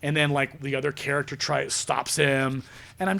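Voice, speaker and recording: A man hosting a podcast in a studio, an excitable storyteller who acts out scenes in casual chat. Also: mid-range voice, normal speed, gravelly. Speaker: podcast host.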